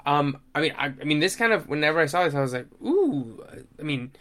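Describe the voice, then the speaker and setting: A man co-hosting a casual podcast chat, relaxed and hedging, with many fillers. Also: fairly high pitch, a little fast. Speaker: podcast co-host.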